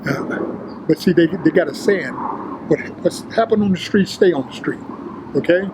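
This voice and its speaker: An older man, an interview guest, telling prison and gym stories in a streetwise, profane, animated way, acting out the others' lines. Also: on the high side, normal speed, background noise. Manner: streetwise, profane, animated retelling with quoted voices. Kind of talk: casual storytelling.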